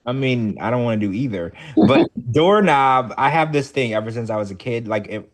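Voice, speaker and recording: A man co-hosting a casual podcast recap, chatty and animated, his voice jumping up high when excited. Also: a little fast. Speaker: podcast co-host.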